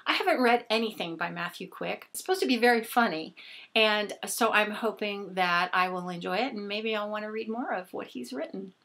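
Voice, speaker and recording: A woman's voice: medium pitch, brisk, gravelly, a bit bright. A woman chatting casually and gushingly as a book vlogger showing off her new books. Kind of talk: casual book haul chat.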